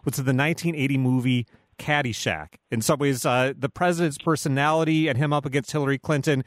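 A man's voice: medium pitch, steady tone, fast talker, no room sound, clean studio sound. A man hosting a radio talk show, asking long conversational questions with frequent hesitations. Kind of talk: radio interview.

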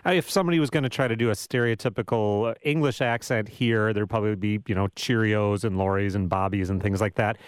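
A man's voice: on the low side, fast, hardly any pauses, clear, resonant tone, no room sound. A man hosting a radio interview, asking questions in a conversational, musing way with hesitant restarts.

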